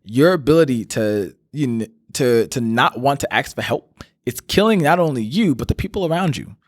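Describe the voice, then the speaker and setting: A man's voice: mid-range voice, animated, normal speed, no room sound, studio quality. A man hosting his own coaching podcast, talking earnestly and directly to listeners, calling them brother, with frequent fillers. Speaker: life coach, podcast host. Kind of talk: direct motivational talk to listeners.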